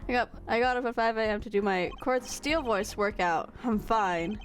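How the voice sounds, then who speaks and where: A woman streaming a game, chatting casually with her viewers and poking fun at herself. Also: a little high. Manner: chatty, self-mocking, quick to laugh.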